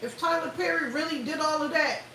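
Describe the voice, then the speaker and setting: A woman's voice: sits high, a little fast, bright, forceful tone. A woman hosting a livestream, giving blunt, profane commentary and laughing often. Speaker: livestream host. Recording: echoey room, far from mic, faint hiss.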